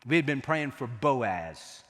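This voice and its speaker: Middle-aged pastor preaching in echoing hall. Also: male voice, mid-range voice, slow. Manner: animated, joking storyteller. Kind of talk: sermon. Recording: long echo of a large hall.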